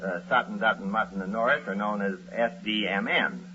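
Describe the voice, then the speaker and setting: An actor playing a long-suffering, sardonic husband who also narrates, in a 1940s radio comedy. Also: male voice, fairly low pitch, brisk, close to an everyday voice. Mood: wry narration. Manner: dry and sardonic, wisecracking narration. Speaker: narrator and lead. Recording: dull old radio broadcast with loud hiss.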